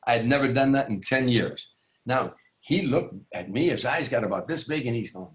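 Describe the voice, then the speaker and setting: A man's voice: mid-range voice, animated, moderate pace. Rambling man telling a show-business story. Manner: rambling, with many restarts and asides; acts out the voices of people in his story. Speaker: guest, stand-up comedian. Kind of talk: anecdotal storytelling in an interview.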